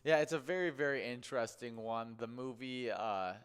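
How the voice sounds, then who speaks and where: A man's voice: mid-range voice, normal speed, clean tone. A man hosting a bingo livestream, chatting casually and reading out celebrity birthdays with many fillers and restarts.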